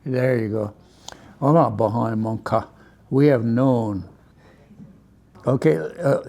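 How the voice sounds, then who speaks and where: A man teaching a language class, relaxed, repeating words slowly for his students. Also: medium pitch, creaky.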